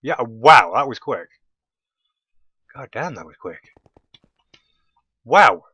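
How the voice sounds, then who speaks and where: A man's voice: medium pitch, expressive, slow pace, bright, forceful tone, breathy edge, no echo. A man giving casual commentary while playing a game, often bursting into delighted exclamations. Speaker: let's play host.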